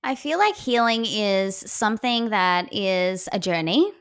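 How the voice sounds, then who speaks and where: A woman's voice: mid-range voice, animated, a little slow, clean tone. A young adult woman, a psychic medium, talking candidly in a casual podcast interview, acting out her own inner voice.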